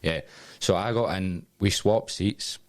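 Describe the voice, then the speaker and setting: Scottish man, twenties, low voice, dry sound, casual sweary storyteller, podcast co-host. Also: slow, dry recording. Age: 20s. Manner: swearing, animated storyteller who laughs at his own tale.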